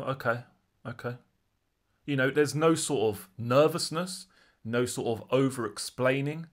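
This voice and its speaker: A man, recounting a courtroom trial he attended in a chatty, conversational way. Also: medium pitch. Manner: conversational, lively re-enactment of courtroom exchanges. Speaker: true crime vlogger. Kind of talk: casual spoken recounting.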